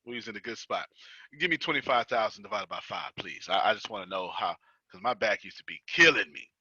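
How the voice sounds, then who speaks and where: An American man with a very bright, ringing voice coaches a group in a loose, teasing chat, laughing often and circling back over his own lines. The sound is dry and a little dull, like a lo-fi video call. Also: fairly low pitch, brisk, slightly rough, no room sound. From United States. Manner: lively, teasing, laughs often, repeats himself. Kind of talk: casual teaching chat.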